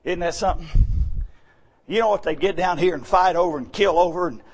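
A man preaching a fervent revival sermon in a church, whooping and swinging from low murmurs to shouts. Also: brisk, husky.

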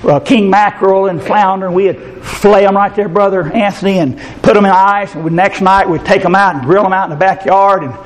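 An older man preaching a fervent sermon, his voice leaping up into shouts at its peaks. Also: high-pitched, steady tone, brisk, few pauses. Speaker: pastor.

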